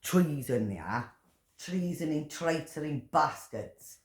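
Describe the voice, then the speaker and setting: A woman delivering an angry, profane rant, swearing and shouting in bursts. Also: extremely low pitch, expressive, unhurried. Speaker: political commentator. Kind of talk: angry ranting monologue.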